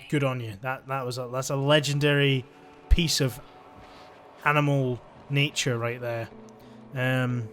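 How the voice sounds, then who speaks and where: A man commentating his own gameplay in an excitable, gushing way, laughing often. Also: a little high. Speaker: gaming channel host. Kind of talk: let's play commentary. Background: faint game music.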